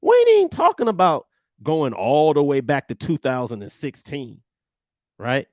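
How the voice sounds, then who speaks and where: A man teaching an energetic online trading lesson, animated, emphatic and blunt with his viewers. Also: a little high, normal speed, dry recording, studio quality. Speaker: trading coach.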